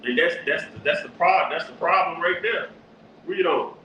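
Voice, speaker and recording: A man preaching forcefully on the street, teaching from scripture and directing a reader. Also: a little high, moderate pace. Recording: echoey, distant, dull lo-fi with faint noise.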